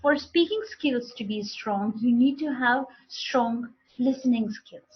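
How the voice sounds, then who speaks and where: Female English teacher, fairly high husky voice, lecturing over dull call audio. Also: measured pace. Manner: explanatory, repeats and restarts phrases. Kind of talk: online class lecture.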